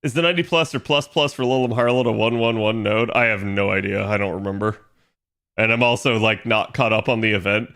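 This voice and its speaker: A young man's voice, on the low side and fairly bright, moves fairly quickly as he chats with viewers from his home stream. It's rambling and filler-heavy, with chat read aloud.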